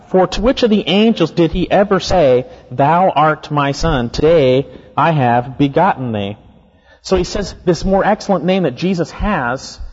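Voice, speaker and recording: A man's voice: on the high side, darkish tone, lo-fi sound. Emphatic male preacher in reverberant hall. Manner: emphatic, repeats key points, slows to stress words. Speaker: pastor. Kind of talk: expository sermon.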